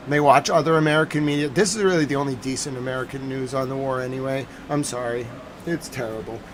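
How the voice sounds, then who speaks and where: Streamer, male, high-pitched and slow-spoken, excitable ranting news reaction, faint noise behind. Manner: excitable, ranting, swears and repeats himself.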